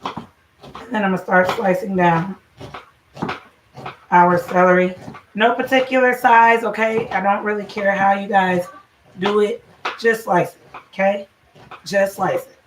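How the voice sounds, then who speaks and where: A woman's voice: medium pitch, steady tone, a little slow, long pauses. A woman talks her viewers through a recipe in a loose, salty, chatty way, like a home cook running a livestream. She sounds set back from the mic in a roomy, echoing kitchen. A faint hiss sits under her voice. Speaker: home cooking show host and mother. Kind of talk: casual livestream cooking chat. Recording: echoey room, voice from a distance, faint noise.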